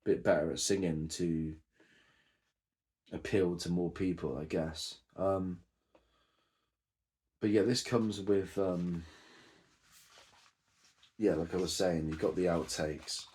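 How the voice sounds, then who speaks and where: A man's voice: low-pitched, fairly even intonation, slow pace, long pauses, darkish tone. A man casually reviewing a music box set, rambling with many ums and self-corrections.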